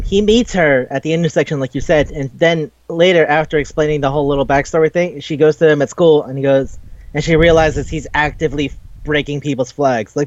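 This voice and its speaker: A young man co-hosts a casual anime talk, animated and quick to swear. He keeps slipping into the lines he quotes. His fairly high voice sits on a dull, lo-fi recording with a dry, close sound. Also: no room sound. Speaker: podcast co-host. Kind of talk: casual anime review chat.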